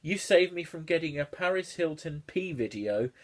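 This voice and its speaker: A man's voice: on the high side, animated, moderate pace, voice pushed up. A man mocking a bratty goth teen girl. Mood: indignant.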